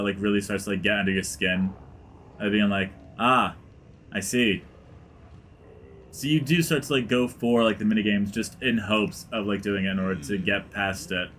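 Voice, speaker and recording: A man's voice: fairly low pitch, a bit bright, a little hiss or hum. A man giving casual gameplay commentary as a let's play gamer, rambling with many fillers and dropping into mutters. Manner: rambling, heavy use of like, dips into mutters.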